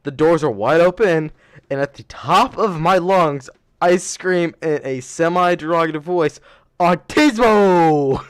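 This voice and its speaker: A young man hosts a casual podcast, telling a long story in a loose, rambling way and correcting himself as he goes. His voice sits a little high for a man. The sound is dry and close. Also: unhurried, a bit bright, clear, resonant tone, no echo. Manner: rambling, self-correcting, laughs while telling stories. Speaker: podcast host.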